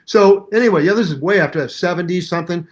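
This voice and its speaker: A man in his seventies, a musician guest in an interview, telling anecdotes in a hyper, animated way and acting out the voices of people in his stories. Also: high voice, fast. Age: 70s. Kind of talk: storytelling interview.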